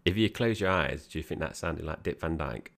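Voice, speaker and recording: Deep, gravelly man chatting films. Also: lively intonation, brisk, a bit bright. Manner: chatty, friendly, calls partner mate. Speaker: film review podcast co-host. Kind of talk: casual film discussion.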